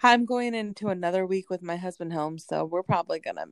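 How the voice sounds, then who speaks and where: A woman co-hosts a podcast in casual conversation, easygoing and agreeable, frequently saying "yeah" to her partner. Her voice is lowish and quick, recorded dry with clean studio sound.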